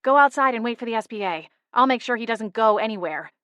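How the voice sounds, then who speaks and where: A woman voicing a bold, quick-witted young witch who talks in a brisk, commanding way. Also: fairly high pitch, lively intonation, a bit bright, smooth, no room sound.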